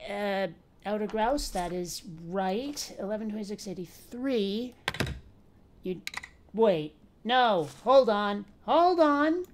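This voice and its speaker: A woman's voice: mid-range voice, background noise. A woman giving casual let's play commentary, bantering sassily with the characters on screen. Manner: playful, sassy banter with game characters.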